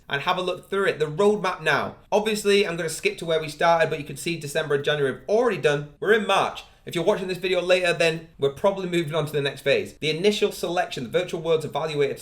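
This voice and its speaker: A man's voice: a little high, fairly bright tone. A man hosting a crypto channel, walking viewers through a project review on screen in an upbeat, hyping way and speaking straight to them. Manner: upbeat hype, addresses viewers directly.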